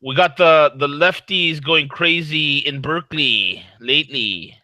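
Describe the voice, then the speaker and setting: A man co-hosting a casual talk show, giving blunt opinions in an animated, rambling way. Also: fairly high pitch, a little slow, no room sound, low-quality recording. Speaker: co-host.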